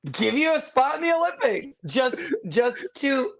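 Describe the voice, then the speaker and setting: A woman co-hosting a sports podcast, chatting casually with quick, giggly asides. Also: sits high, very animated, vocal fry. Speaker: podcast co-host.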